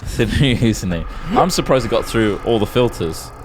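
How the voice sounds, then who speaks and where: A man with a lowish voice trades dry, teasing one-liners with his co-hosts. The recording carries clear background noise. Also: lively intonation, a little fast. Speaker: gaming video co-host. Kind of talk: casual chat during gameplay.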